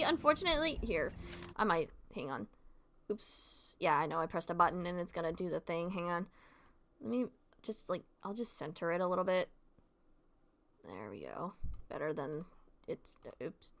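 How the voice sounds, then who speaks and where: A young woman in her twenties streaming a game live, gushing excitably and swearing casually as she chats to viewers. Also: on the low side, moderate pace, faint music behind.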